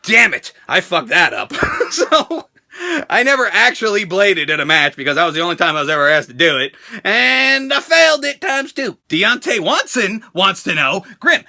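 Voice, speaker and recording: Rowdy, profane American man with a high voice. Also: gravelly, bright, forceful tone. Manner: rowdy, profane, jokey, acts out quotes in high squeals. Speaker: toy collector vlogger answering fan questions. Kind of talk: casual Q&A vlog.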